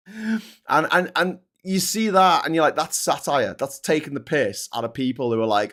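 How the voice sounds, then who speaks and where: A man's voice: on the high side, moderate pace, a bit bright. A middle-aged man with a Liverpool accent hosting a show, ranting sarcastically about politics, swearing and restarting his sentences. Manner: sarcastic, swears freely, mocks people in put-on voices; stammering restarts. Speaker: show host.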